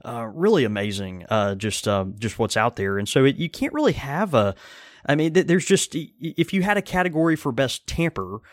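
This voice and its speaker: A man's voice: mid-range voice, sing-song, a little fast, no room sound. Man, mid-range voice, dry sound, casual rambling podcast talk. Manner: easygoing, rambling with many fillers. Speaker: podcast co-host. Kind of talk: casual chat.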